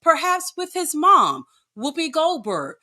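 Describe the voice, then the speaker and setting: A blunt, sassy woman talking as a podcast guest, cursing freely in casual chat. Her voice sits fairly high and swings a lot. It sounds bright and sharp. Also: huge pitch swings, unhurried. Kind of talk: casual reality-TV recap chat.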